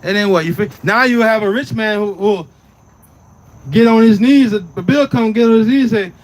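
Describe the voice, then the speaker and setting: A man's voice: high-pitched, normal speed. A man teaching scripture in a casual preaching way, often asking "right?" and "you understand?" and telling the reader to read on. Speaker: Bible teacher.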